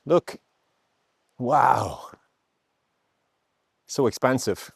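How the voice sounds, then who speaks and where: A man hosting a vlog, speaking gently and earnestly about gratitude and acceptance while out on a hike. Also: low voice, dry recording, studio quality. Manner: gentle, earnest, spiritual, unhurried with pauses. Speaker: podcast host sharing his survival story. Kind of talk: reflective spoken vlog on a hike. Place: outdoors on a hillside.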